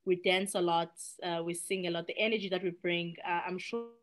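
A South African woman, a podcast guest and nonprofit director, talking in a lively, expressive way with laughs and restarts. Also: lowish voice, fairly quick, soft background music. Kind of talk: casual interview chat.

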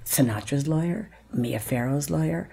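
A woman's voice: low-pitched, moderate pace, creaky, warm tone, husky. A woman guest on a podcast telling a personal story with animation, acting out the dialogue and laughing as she talks.

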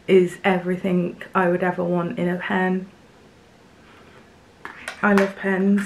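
A young woman from England unboxing gifts in her home craft studio, chatty and excitable, with fillers and little laughs. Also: on the high side, slight background noise. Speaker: craft vlogger. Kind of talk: casual unboxing chat to camera.

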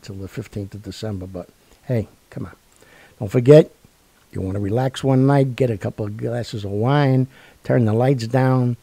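A man's voice: medium pitch, vocal fry, warm tone, breathy edge, no room sound. A man hosting a radio show, chatting casually in a rambling, joking way. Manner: rambling and jokey, full of fillers and asides. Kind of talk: casual sign-off chat.

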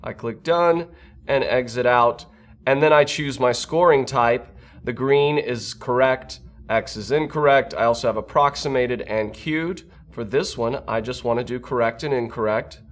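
A man who is a speech-language pathologist gives a scripted product walkthrough, explaining each step in a steady, instructional way. His voice sits at an ordinary middle pitch. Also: unhurried.

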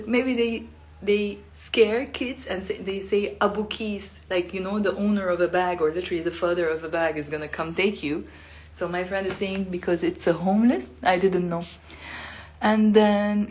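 This woman's voice is fairly low and darkish in tone. In a laid-back live-stream language lesson, she chats along with lots of fillers and acts out the sounds she's teaching with expressive flair.

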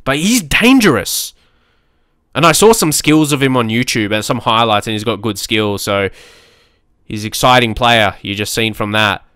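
Young man, smooth voice, dry close sound, excitable gaming commentary. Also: mid-range voice, dry recording. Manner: excitable, quick to shout at match moments, laughs at himself. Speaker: gaming YouTuber. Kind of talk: casual game commentary.

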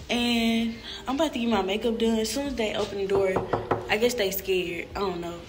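A young woman vlogging in casual chat, talking fast and repeating herself as she gets excited. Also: mid-range voice. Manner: chatty, repeats phrases, excitable. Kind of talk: casual selfie vlog chat.

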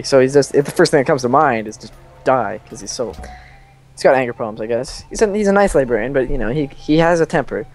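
A man's voice: medium pitch, expressive, fast talker. Rambling young man joking over a game. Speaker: let's play host. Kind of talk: casual gaming banter.

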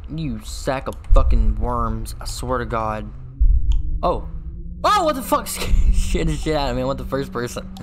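A man giving horror game commentary, swearing constantly and yelling when he gets startled. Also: medium pitch, unhurried, over music. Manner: swears constantly, jumpy and loud when scared. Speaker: gaming video host.

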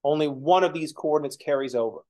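A man with a fairly high voice gives a casual math lecture. He explains step by step and keeps breaking into joking, self-deprecating asides. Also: fast, a little mellow. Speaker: math instructor.

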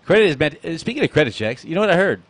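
A man's voice: fairly high pitch, very animated, racing, slight background noise. A man hosting a casual radio talk show, joking and laughing easily in a studio.

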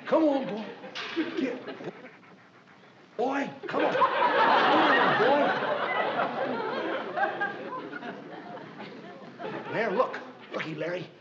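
An actor playing a flustered, good-natured young husband in a 1960s sitcom, coaxing and pleading with comic patience. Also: male voice, very high voice, big pitch swings, slow, a loud crowd, very noisy, exaggerated voice. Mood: exasperated. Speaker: comedy writer husband in a sitcom. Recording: dull 1960s TV soundtrack with roomy echo and laugh track. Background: studio audience laughter.

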